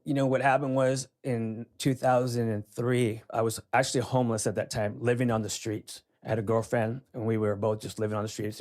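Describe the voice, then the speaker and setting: A man's voice: medium pitch, a little mellow. A man in his forties telling a hard personal story in plain, conversational words, full of "you know" fillers and at times close to tears. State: emotional, near tears at times. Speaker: podcast guest.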